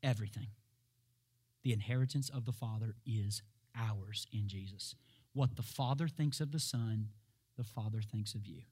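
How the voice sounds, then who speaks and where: A man preaching a sermon, emphatic and full of rhetorical questions, laughing at times and building up to shouted peaks. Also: lowish voice, moderate pace, breathy edge.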